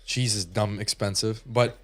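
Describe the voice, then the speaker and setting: A man's voice: fairly low pitch, fairly even intonation, a little slow, a bit bright. A young man co-hosting a casual comedy podcast, rambling through a story and acting out the quotes in a raised voice. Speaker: podcast co-host.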